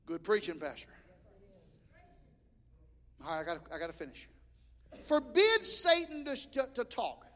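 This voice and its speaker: Male pastor, Pentecostal sermon, lively swooping delivery, long hall reverb. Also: on the high side, normal speed, long pauses. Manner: impassioned preaching with shouted peaks and stammered restarts.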